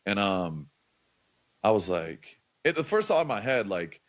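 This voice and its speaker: A young man in casual storytelling mode as a podcast guest, talking in an animated way, loose and full of slang and filler words. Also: lowish voice, measured pace.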